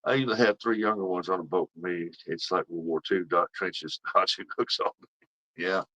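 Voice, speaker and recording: A man's voice: low-pitched, fairly even intonation, moderate pace, pushed and bright, rough recording. A middle-aged man, rambling through fishing stories as he chats with viewers on his livestream. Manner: folksy rambling storyteller. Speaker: livestream host. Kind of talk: casual chat with viewers.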